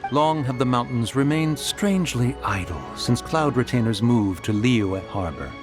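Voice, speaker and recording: A man's voice: medium pitch, expressive, normal speed, natural voice. A man voicing an aloof, weary ancient spirit beast in a video game, speaking in archaic, formal phrases. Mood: solemn. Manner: archaic formal speech, refers to self as one. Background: music.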